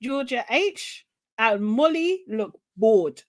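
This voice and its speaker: A woman co-hosting a podcast, recapping a TV show in animated casual chat, quoting people and swearing. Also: on the high side, extremely slow, dry recording. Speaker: podcast co-host.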